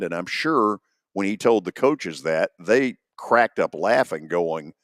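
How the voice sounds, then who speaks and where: A man's voice: low-pitched, expressive, takes it slowly, dry recording, studio quality. A man hosting sports radio, making his points emphatically and acting out what others might say. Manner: emphatic, acts out quotes. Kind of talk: opinionated sports talk.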